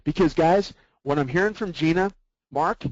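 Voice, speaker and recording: A man's voice: fairly high pitch, normal speed, a little mellow, dry recording, dull audio. Man coaching a sales team by webinar. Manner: keeps checking in with the group through rhetorical questions. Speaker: sales trainer.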